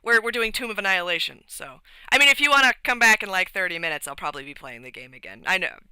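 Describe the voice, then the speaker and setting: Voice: mid-range voice, lively intonation, fast, sharp tone, clean tone, no echo, poor audio. A streamer rambling through a casual recap of a tabletop game session, with lots of fillers and restarts.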